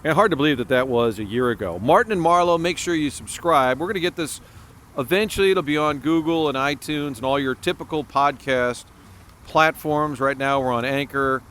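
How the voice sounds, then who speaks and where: A man co-hosts a relaxed sports podcast and tells his stories with animated energy, now and then laughing mid-sentence. His voice sits a little on the high side. Faint traffic noise hums behind him, as if from a street outside. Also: moderate pace. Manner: storytelling, animated, laughs while talking. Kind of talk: casual chat.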